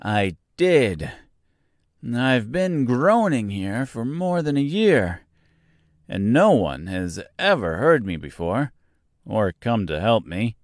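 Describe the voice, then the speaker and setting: A man voicing a sad, stiff man made of tin in a storybook reading, speaking in a sorrowful, measured way. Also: medium pitch, sing-song, no room sound, studio quality. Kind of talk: storybook character voice.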